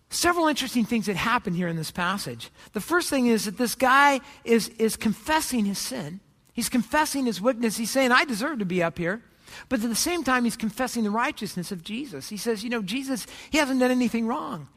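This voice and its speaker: A man's voice: extremely high pitch, bright, forceful tone, in a large hall. A man preaching a sermon, telling a joke and Bible stories in a casual, conversational way with many restarts. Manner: casual storytelling, with joking asides and restarts. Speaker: pastor.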